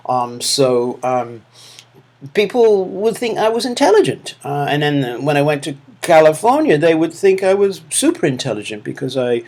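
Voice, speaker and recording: A university lecturer from England with a Manchester accent records feedback on a course. His voice sits on the high side with big pitch swings and a darkish tone, and at a moderate pace he speaks hesitantly, with many fillers and restarts.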